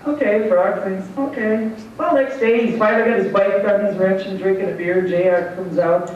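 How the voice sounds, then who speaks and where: A woman's voice: medium pitch, fairly even intonation, a little fast, slight background noise. Folksy woman joking in an echoey hall. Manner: folksy, laughs at her own jokes. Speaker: award recipient giving thanks. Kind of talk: acceptance speech with joke telling. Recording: echoey hall, distant mic, dull sound.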